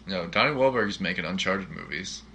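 Bright-voiced man in eager movie chat. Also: deep voice, animated, gravelly, slight background noise. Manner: eager, jokey, quick questions. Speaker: podcast co-host.

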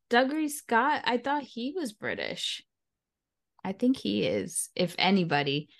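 A woman's voice: a little high, sing-song, takes it slowly, creaky. A woman co-hosting a podcast in casual, amused chat. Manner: chatty and amused, with frequent laughs. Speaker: podcast co-host.

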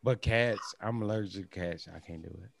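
A man's voice: lowish voice, fairly quick, creaky. A man in casual podcast chat, telling profane stories animatedly and acting out what people said. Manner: animated, profane storytelling, acts out quotes. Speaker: podcast co-host.

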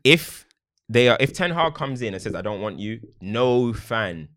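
A man in casual football chat on a podcast, animated and slangy, laughing often. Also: medium pitch, unhurried. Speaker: podcast co-host.

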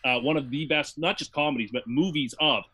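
A man chatting on a podcast with a bright, forward voice pitched a touch high. He talks in a wordy, mock-grandiose way, as if giving a speech. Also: a little fast, husky. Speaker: podcast co-host. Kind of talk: casual chat.

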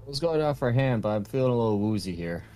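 A man's voice: mid-range voice, lively intonation, quick pace, dark tone, soft background music. Laid-back man playing a tabletop game. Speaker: player. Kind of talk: casual tabletop game chat.

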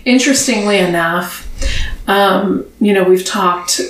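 A woman's voice: mid-range voice, a little slow. A woman co-hosting a podcast in casual chat, giggling often between lines. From US South. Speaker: podcast co-host. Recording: roomy, distant mic with faint noise.

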